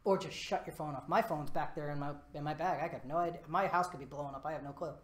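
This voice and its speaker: A man giving a live conference talk, lively and self-deprecating, walking around the stage as he speaks. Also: fairly high pitch, quick pace. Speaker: conference presenter. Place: presentation room before a live audience. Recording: echoey presentation room.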